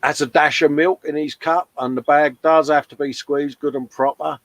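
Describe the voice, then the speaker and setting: A man's voice: a little high, fairly even intonation, moderate pace, no echo. A British man in his fifties, co-hosting a casual livestream chat, jokey and matey as he reads out viewer comments. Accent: British English. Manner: chatty, jokey, says "mate" a lot. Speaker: livestream co-host.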